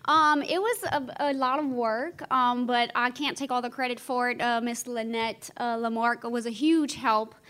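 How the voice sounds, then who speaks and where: A woman's voice: a little high, steady tone, normal speed, few pauses, a bit bright. A woman, a conference organizer guesting live, speaking modestly with hesitations. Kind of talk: live podcast interview. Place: conference stage before a live audience.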